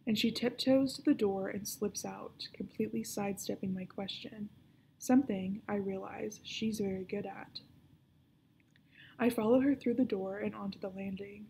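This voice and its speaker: A woman librarian reading a children's book aloud, narrating in a hushed, often whispered voice. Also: medium pitch, fairly even intonation, normal speed, creaky, slight background noise.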